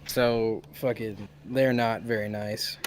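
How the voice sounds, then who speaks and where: A man's voice: on the low side, fairly even intonation, slow pace, slight background noise. A man in casual podcast chat, telling stories in a laid-back, profane way. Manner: profane, laid-back storytelling with frequent swearing.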